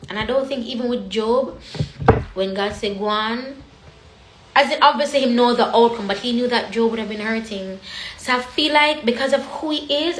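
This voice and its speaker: A woman vents in a casual monologue to camera. Her voice is fairly high and she is emphatic and repetitive. The room rings with echo. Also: slight background noise. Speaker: vlogger.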